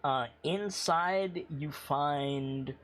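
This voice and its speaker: A man's voice: fairly high pitch, very slow, a bit bright. A man narrating as game master, describing scenes loosely with many fillers.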